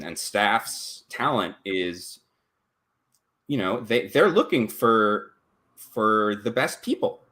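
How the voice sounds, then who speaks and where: Low-voiced man telling a story. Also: a bit bright. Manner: thoughtful, anecdotal, many fillers. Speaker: panelist on a live stream. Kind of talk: casual panel talk.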